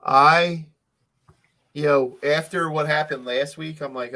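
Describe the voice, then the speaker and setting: A man's voice: on the high side, steady tone, takes it slowly, pushed and bright. A man co-hosting a casual podcast, talking in a rambling way with many fillers and restarts. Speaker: podcast co-host.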